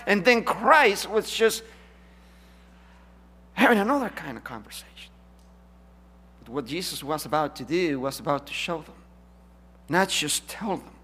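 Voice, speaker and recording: High, bright-voiced man preaching. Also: husky. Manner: emphatic preaching, swinging from loud to hushed. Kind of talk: sermon.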